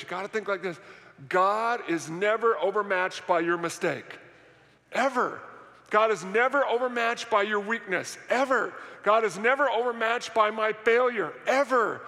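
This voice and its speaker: Pastor, male, high bright voice, emphatic sermon delivery with call-and-response questions, reverberant church hall. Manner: emphatic, repetitive, asks the audience questions. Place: church worship center.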